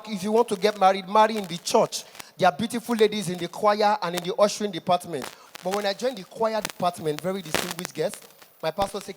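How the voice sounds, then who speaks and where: A man performing a stand-up comedy set, telling a story in an animated way and breaking into sung lines. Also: sits high, brisk. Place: large event hall. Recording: long reverb in a big hall. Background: music.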